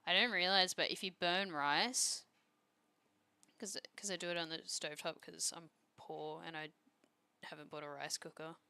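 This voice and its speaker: Bright, crisp young woman chatting casually. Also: fairly low pitch, steady tone, moderate pace, no room sound. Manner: rambling and self-deprecating, trailing off. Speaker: streamer. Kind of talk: casual chat while drawing.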